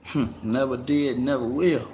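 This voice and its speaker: A man's voice: medium pitch, fairly even intonation, a little slow, a little mellow. A man hosting a casual livestream, profane and mocking, laughing often. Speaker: livestream host. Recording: echoey room, faint background noise.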